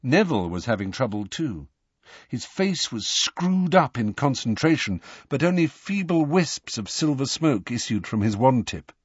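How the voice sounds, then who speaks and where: A man reading an audiobook as narrator in an animated storytelling manner. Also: mid-range voice, normal speed, husky, dry recording. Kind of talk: scripted narration. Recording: dull lo-fi dry recording.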